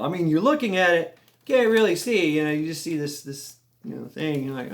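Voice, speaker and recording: A vlogger tells a long military story in a casual, rambling, animated way, cursing freely and throwing in little sound effects. His voice sits slightly high and moves slightly fast.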